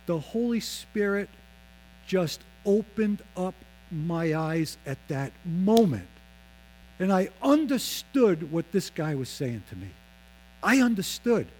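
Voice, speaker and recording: Man, fifties, testimony storytelling, lively swooping voice, acts out quotes, faint mains hum. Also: poor audio. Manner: animated, acts out quoted voices, drops low and slow on solemn lines. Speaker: speaker giving his testimony.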